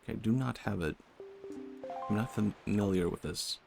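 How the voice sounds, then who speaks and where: A young man with a Swedish accent and vocal fry, chatting softly and musing aloud while streaming a game. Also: on the low side, moderate pace, over music. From Sweden. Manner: soft-spoken, musing, talks to chat. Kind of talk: casual game-stream chat.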